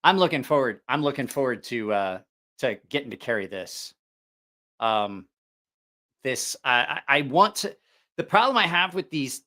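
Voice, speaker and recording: Middle-aged male livestream host, bright, crisp tone, casual and rambling. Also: mid-range voice. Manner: rambling, with many fillers and restarts. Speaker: knife channel host.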